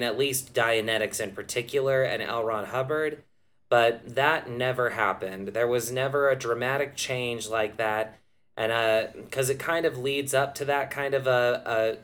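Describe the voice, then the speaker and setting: A man hosting a casual podcast, explaining points in a measured way with frequent ums and uhs. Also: medium pitch, a bit bright. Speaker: podcast host.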